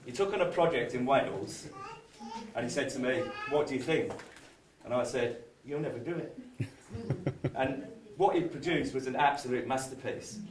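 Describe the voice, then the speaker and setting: A man's voice: medium pitch, lively intonation, moderate pace, long pauses. A man giving a toast at a wedding, heartfelt and admiring, getting a little emotional. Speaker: wedding guest giving a speech. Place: large hall with guests. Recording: roomy hall sound, far from the mic. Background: crowd of wedding guests.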